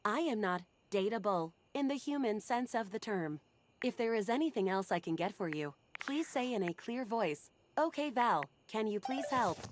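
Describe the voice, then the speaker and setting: A woman's voice: mid-range voice, normal speed, slight background noise, natural voice. A woman voicing a polite, formal female AI voice assistant in a video game. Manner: calm, formal, scripted.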